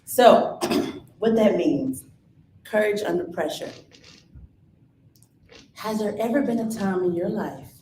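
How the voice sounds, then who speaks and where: A lower-voiced woman gives a live inspirational talk on stage, urging the crowd to answer back. She sounds energetic and coaxing. Her voice carries through an echoey room, with a faint hum underneath. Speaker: motivational speaker. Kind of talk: live inspirational talk with audience call-and-response. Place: event hall with audience.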